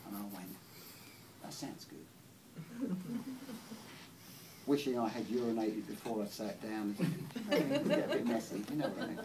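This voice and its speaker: Rambling English comedian with a lively voice. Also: male voice, lowish voice, moderate pace, pauses often. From England. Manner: rambling and giggly. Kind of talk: stand-up comedy. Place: small venue. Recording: distant mic in a venue, faint noise.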